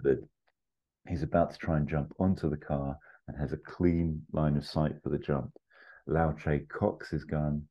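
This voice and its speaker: Very deep-voiced man telling a story. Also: little pitch movement, normal speed, warm tone, breathy edge. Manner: rambling, full of fillers and asides, chuckles at own jokes. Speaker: podcast host pitching a film story. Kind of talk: casual storytelling pitch. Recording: slightly muffled lo-fi audio.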